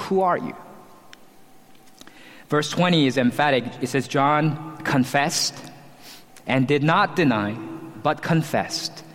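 A pastor preaching an expository sermon, explaining scripture verse by verse with emphatic stresses. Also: male voice, on the high side, long reverb tail.

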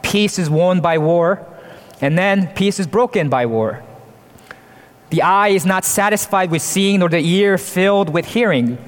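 Preacher, male, fairly high voice, earnest expository delivery with rhetorical questions, long church reverb. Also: unhurried. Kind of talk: sermon.

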